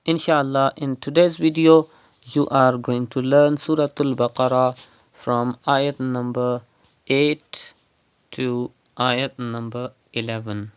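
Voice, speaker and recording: A man teaching Quran recitation online, explaining pronunciation rules step by step and repeating words slowly as examples. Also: mid-range voice, steady tone, clean tone. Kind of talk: online tajweed lesson.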